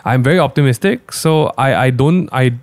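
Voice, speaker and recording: A man's voice: medium pitch, normal speed, no echo. Blunt, opinionated man on a dry mic. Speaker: podcast co-host. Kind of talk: casual podcast discussion.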